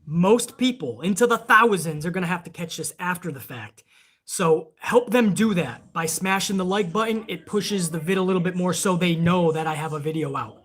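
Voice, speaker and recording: A man's voice: high-pitched, moderate pace, a bit bright. A man hosting a live wrestling stream, chatting casually and rambling with plenty of swearing while reading viewer donations aloud.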